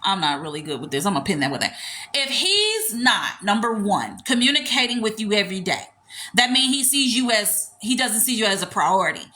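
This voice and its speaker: A woman's voice: medium pitch, very animated, brisk, pushed and bright. A woman dating coach giving blunt, emphatic, slangy advice in a casual livestream.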